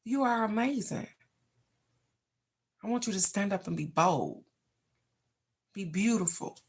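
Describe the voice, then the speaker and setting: A mid-range, slightly rough female voice, expressive and measured in pace. She's an oracle card reader hosting a casual livestream, speaking directly to viewers to encourage and motivate them.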